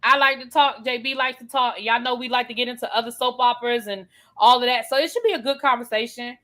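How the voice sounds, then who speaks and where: A woman's voice: fairly high pitch, fast, sharp tone. A woman co-hosting a soap opera recap livestream, chatty and emphatic, often repeating herself for effect. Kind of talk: casual livestream chat.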